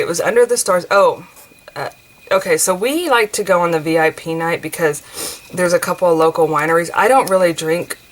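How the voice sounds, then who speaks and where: A rambling, chatty woman in her forties, talking to viewers as she crafts, full of fillers and restarts. Her voice sits on the low side, with a faint hiss of noise behind it. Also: rough recording. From United States. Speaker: craft vlogger. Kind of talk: casual chat while crafting.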